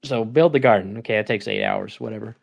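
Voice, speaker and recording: A man's voice: on the low side, fast talker, creaky, highs cut off. A young man co-hosting a gaming podcast, chatting casually in a rambling way, laughing often and acting out his own reactions. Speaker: podcast co-host.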